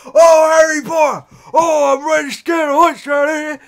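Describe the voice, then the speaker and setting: A man voicing a squeaky, frantic female house elf, shouting from a little way back. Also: little pitch movement, normal speed, gravelly, heavily acted. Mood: scared.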